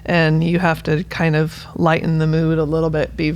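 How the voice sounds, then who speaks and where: Female physical therapist guest, slightly gravelly, earnest, animated in casual chat. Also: deep voice, normal speed. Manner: earnest, expressive, laughs easily. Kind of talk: casual conversation.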